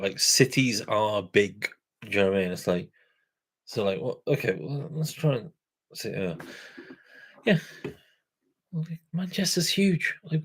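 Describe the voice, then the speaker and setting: This man's voice is medium in pitch and husky. He runs a craft beer channel and talks loosely with viewers, wandering off-topic, correcting himself, and laughing softly now and then.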